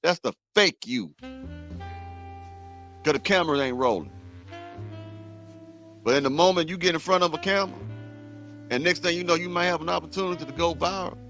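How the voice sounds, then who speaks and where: A man's voice: fairly high pitch, a bit bright. A man hosting a reaction show, ranting bluntly and heatedly at a clip he is playing. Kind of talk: commentary rant.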